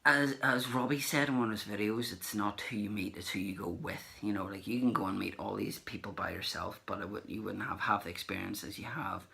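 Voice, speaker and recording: A collector vlogger tells a rambling, casual story about meeting celebrities at a comic con, playing out the exchanges he recalls and leaning on fillers. His voice is on the low side, creaky, pushed, and bright, with a steady tone and a brisk delivery that has few pauses.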